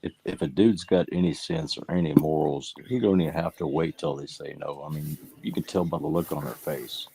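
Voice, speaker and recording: Very deep, gravelly man, halting. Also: dark tone. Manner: halting, repeats words as he gathers thoughts. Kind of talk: casual chat.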